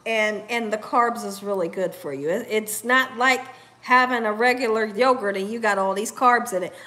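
A woman's voice: a little high, normal speed, pushed and bright. A middle-aged woman hosts a cooking live stream. She chats casually, laughs often and talks straight to her viewers as "y'all". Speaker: cooking channel host reading viewer comments.

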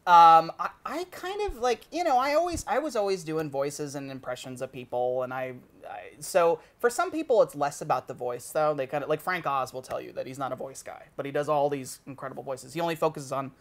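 A man's voice: fairly high pitch, expressive, brisk, a bit bright. Brief: young male puppeteer guest, thoughtful and rambling, casual talk-show chat. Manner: rambling, self-interrupting, thoughtful.

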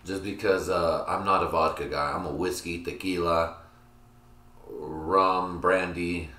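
A man's voice: low-pitched, fairly even intonation, a little slow, sharp tone. A man hosting a podcast in casual, profane chat, rambling and laughing at his own jokes. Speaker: podcast host. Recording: roomy echo.

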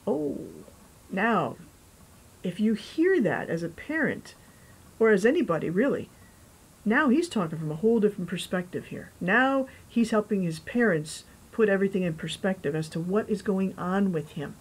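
A woman's voice: mid-range voice, moderate pace, slightly rough, rough recording. Chatty woman pastor preaching. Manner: chatty and animated, with asides and laughs. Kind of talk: conversational sermon with scripture reading.

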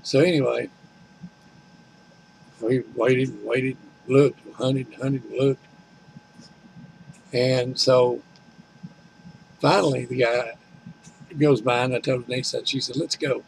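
Older man with a gravelly voice, telling a folksy, complaining home-vlog story. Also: medium pitch, steady tone, slow pace, pauses often, slight background noise, low-quality recording. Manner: folksy, complaining, retells conversations. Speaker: vlogger. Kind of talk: rambling storytelling.

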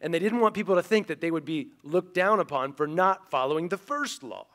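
A man preaching a sermon, retelling a story in a lively, animated way and acting out the characters' lines. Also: fairly high pitch, a little fast. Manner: animated, acts out quoted characters. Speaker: pastor.

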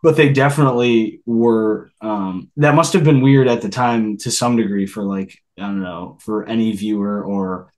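A man's voice: lowish voice, normal speed, few pauses. A man co-hosting a podcast in casual chat, rambling with many restarts. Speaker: podcast co-host.

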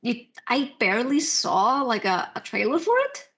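A woman with a high voice co-hosts a podcast in loose, casual chat. She swears freely, laughs often, and pads her talk with fillers. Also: sing-song, normal speed, a bit bright, dull audio. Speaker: podcast co-host. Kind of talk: casual chat about books and films.

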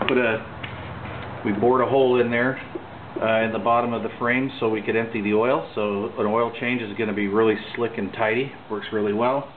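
A man giving a relaxed, hesitant walkthrough of his home mechanic work, with many pauses and fillers. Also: lowish voice, a little hiss or hum. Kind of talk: casual walkthrough demo. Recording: tinny phone-like camcorder audio.

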